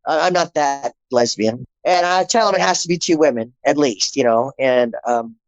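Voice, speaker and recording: A middle-aged woman, a podcast guest, telling her personal story in an animated way, acting out the dialogue and repeating phrases for emphasis. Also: a bass voice, moderate pace, no echo, muffled recording.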